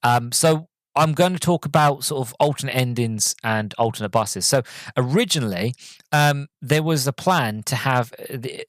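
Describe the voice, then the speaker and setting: Male podcast host, mid-pitched, casual rambling reviewer, dry close sound. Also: normal speed, no echo. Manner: rambling, filler-heavy, self-correcting.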